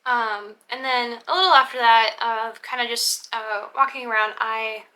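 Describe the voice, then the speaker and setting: Speaking at a normal speed in a slightly high, pushed and bright voice, a young woman narrates a vlog about a role-play event. She meanders, filling in and restarting often, and performs the dialogue she quotes.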